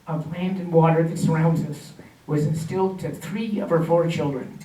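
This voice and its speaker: A man's voice: on the high side, steady tone, normal speed, few pauses, warm tone. A man giving a community talk with slides, telling family history in a chatty way with hesitations and small laughs. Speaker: guest speaker. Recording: echoey room mic from a distance.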